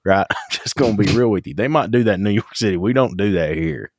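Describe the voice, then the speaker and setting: A man's voice: on the low side, fast talker, creaky, background noise. A man with a Southern US accent, hosting a casual podcast chat and telling stories animatedly with frequent laughs. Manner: animated storyteller, laughs often. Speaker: podcast host.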